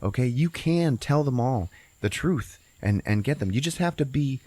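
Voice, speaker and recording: A man playing a cocky cartoon sausage, talking breezy and up-pitched with lots of reassurance. The voice is dry and close. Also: lively intonation, moderate pace, warm tone, no echo, natural voice. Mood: encouraging. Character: cocky misshapen male sausage, laid-back.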